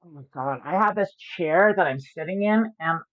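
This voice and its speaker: A woman's voice: fairly low pitch, normal speed, no echo. A woman streaming poker online, explaining her hands in a joking and profane way. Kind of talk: livestream commentary. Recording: dry, slightly dull lo-fi audio.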